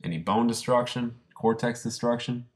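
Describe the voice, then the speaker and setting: A man presenting a radiology case, talking through scan findings in a brisk, conversational way. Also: mid-range voice. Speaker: radiology lecturer. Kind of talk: case review lecture.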